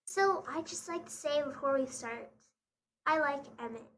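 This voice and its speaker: A woman with a high, ringing voice leads a relaxed chat as host. She gushes and gets excitable as she talks. Her tone is bright and sharp. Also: moderate pace. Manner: gushing, excitable. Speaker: podcast host. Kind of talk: casual chat.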